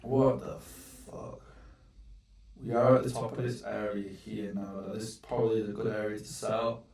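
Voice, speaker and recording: A man's voice: fairly low pitch, level tone, brisk, creaky, a little mellow, recorded from a distance. Swearing young man, live trading. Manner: swearing, frustrated, exclaiming. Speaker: trading vlogger. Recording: roomy, off-mic echo.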